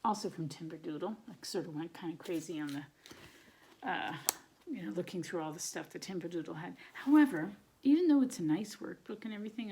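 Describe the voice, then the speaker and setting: Older woman, lowish voice, rambling home chat, soft half-whispered asides, faint background hiss. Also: expressive, fairly quick, creaky. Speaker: homeschooling parent and channel host. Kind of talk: casual home update. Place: at home, showing materials to camera.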